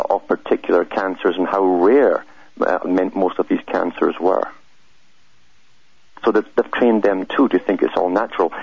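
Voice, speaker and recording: A man with a very deep, husky voice speaks earnestly as a radio guest, often stumbling and restarting. The sound is dry and muffled, like a radio broadcast. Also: dry recording. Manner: earnest, halting, many restarts. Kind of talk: talk radio conversation.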